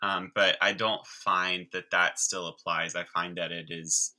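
Man, low voice, very bright and sharp tone, enthusiastic chatty explainer, podcast guest. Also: level tone, unhurried, rough recording. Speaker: guest, sign language teacher. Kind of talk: conversational explaining.

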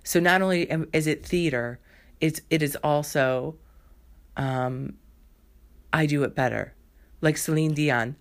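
Low-voiced woman host, sarcastic comic storyteller. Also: a little slow, long pauses. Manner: sarcastic, exasperated, acts out both sides of a phone call. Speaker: podcast host. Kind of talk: comedic storytelling monologue.

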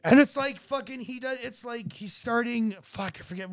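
A man's voice: very high-pitched, moderate pace, vocal fry. A man on a casual podcast, rambling and swearing as he acts out quotes in voices. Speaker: podcast co-host.

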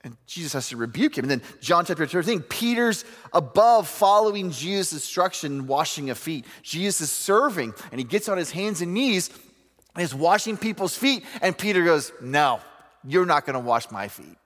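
A man's voice: high voice, animated, normal speed, fairly bright tone, long reverb tail. A man preaching a sermon, telling stories with humor and acting out quoted voices.

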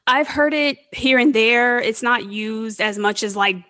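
A woman's voice: on the high side, unhurried, bright, forceful tone. A woman who is a photographer and videographer, speaking as a guest on a podcast in a friendly, upbeat way. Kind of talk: casual podcast interview.

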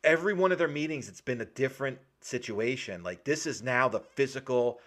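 A man's voice: medium pitch, expressive, brisk, few pauses, fairly bright tone. A man co-hosting a casual chat, retelling a film's plot with lots of swearing and acted-out quotes. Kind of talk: casual movie recap chat.

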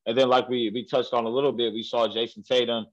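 A man co-hosting a casual sports podcast, animated and ranting, quick to laugh. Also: mid-range voice, dull audio. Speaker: podcast co-host.

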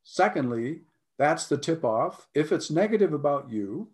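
An American man, a life coach, talking earnestly in a conversation, often clearing his throat and repeating his points. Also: a little high, expressive, a little slow, a little mellow.

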